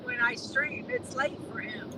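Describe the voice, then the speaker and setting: High, lively woman, rambling casual chat, recorded in a car with clear road noise. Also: unhurried. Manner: chatty, rambling, laughs easily. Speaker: co-host of a live driving stream.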